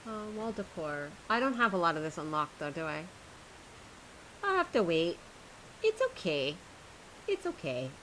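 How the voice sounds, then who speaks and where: A woman's voice: fairly low pitch, sing-song, unhurried, long pauses, fairly bright tone, a little hiss or hum, low-quality recording. A woman streamer chatting casually to her viewers while she plays a game, chatty and self-mocking, often laughing at herself.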